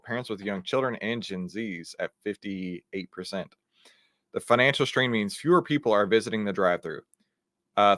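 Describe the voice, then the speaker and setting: A man, hosting an energetic news commentary show, talking in an animated, incredulous, conversational way. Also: fairly low pitch, no room sound, studio quality. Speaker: host.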